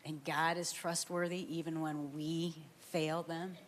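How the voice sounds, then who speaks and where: A woman's voice: low voice, flat delivery, a little slow. A woman in her fifties, a grandmother, sharing her faith in an earnest, chatty sermon alongside her husband. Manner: earnest and chatty, laughs easily. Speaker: pastor's wife, co-speaker. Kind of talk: conversational sermon. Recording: long hall reverb.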